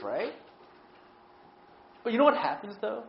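A man's voice: a little high, moderate pace. A middle-aged man preaching a sermon as pastor, telling stories animatedly and often asking "right?". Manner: animated storytelling, frequent "right?" tag questions. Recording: dull lo-fi sound.

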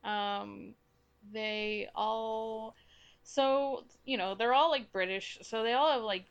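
Young woman podcasting, kinda high voice, slow unhurried talk, laughs a lot. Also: smooth, dull audio. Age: young adult. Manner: expressive, laughs easily. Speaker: podcast co-host. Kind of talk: casual chat.

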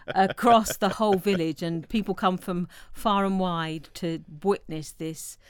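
A woman talks through a classic film in a relaxed podcast chat, her voice smooth and clear and set a little low. She tells the story with lively, animated turns. The sound is dry and close. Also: a little slow, no echo. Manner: animated storytelling, acts out quotes. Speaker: podcast co-host. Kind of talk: casual film discussion.

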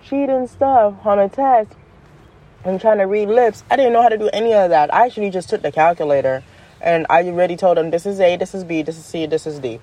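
Laid-back woman with a mellow, dark voice. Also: a little fast. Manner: animated, slangy, jumps pitch up for emphasis and laughs mid-sentence. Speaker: podcast host. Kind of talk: casual monologue.

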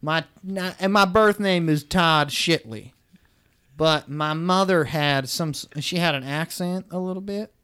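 Rambling folksy man, slightly high voice. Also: a little slow, pushed and bright, clear, resonant tone. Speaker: guest. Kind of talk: comedic character interview.

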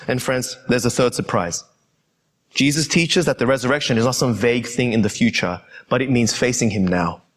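Man, young adult, preacher, sermon, earnest, middle pitch, calls listeners friends. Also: normal speed.

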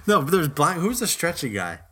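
A man's voice: on the high side, a bit bright, slightly rough. A young man co-hosting a casual podcast, laughing often, rambling and swearing freely. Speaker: podcast co-host.

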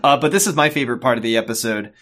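A man's voice: mid-range voice, very fast. A man co-hosting a podcast, chatting casually and jokingly as he recaps a TV episode, laughing often and acting out the characters. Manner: animated, jokey, laughs often, acts out characters. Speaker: podcast co-host.

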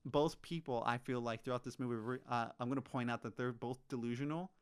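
A man in casual movie chat, animated and ranting, swearing freely. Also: medium pitch, quick pace, smooth.

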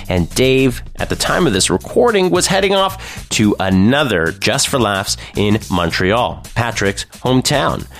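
A man's voice: lowish voice, a bit bright. A man hosting a podcast, chatting loosely and rambling with his guests on a close mic. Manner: loose, rambling, quick to laugh. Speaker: podcast host. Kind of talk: casual interview chat.

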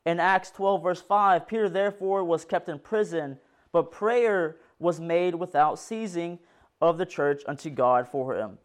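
A man's voice: fairly high pitch, measured pace, clear, resonant tone. A man preaching a sermon, reading Bible passages aloud with earnest, rising and falling force.

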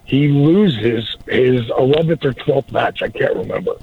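A middle-aged man casually telling a story as a guest, animated and acting out the dialogue. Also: medium pitch, a little slow, gravelly, slight background noise. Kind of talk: casual anecdote. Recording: dull lo-fi audio.

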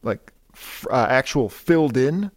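A man's voice: mid-range voice, lively intonation, a little slow, no echo, studio quality. A man co-hosting a casual comic book podcast, retelling the story and acting out its lines with laughs. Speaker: podcast co-host.

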